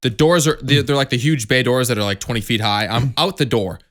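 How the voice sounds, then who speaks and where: A man's voice: mid-range voice, a bit bright. A young man co-hosting a podcast, telling profane stories in casual chat and acting out the quotes. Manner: fast, profane storytelling with acted-out quotes. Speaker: podcast co-host.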